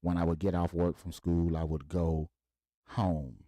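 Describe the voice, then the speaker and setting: A man's voice: low-pitched, measured pace, no room sound. A man from Mississippi, hosting a podcast and telling a story casually, acting out the voices of the people in it. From Mississippi, USA. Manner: animated, acts out voices in quoted dialogue. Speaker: podcast host.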